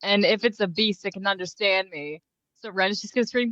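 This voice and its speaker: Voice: medium pitch, brisk, sharp tone, no echo, muffled recording. Easygoing tabletop player. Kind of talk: casual tabletop play.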